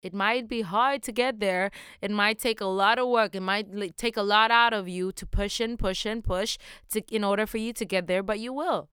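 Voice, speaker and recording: Upbeat encouraging woman podcaster, crisp voice. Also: medium pitch, moderate pace, few pauses, fairly bright tone, no echo, studio quality. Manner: upbeat, encouraging, playful and affectionate. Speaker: podcast host. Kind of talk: motivational solo podcast talk.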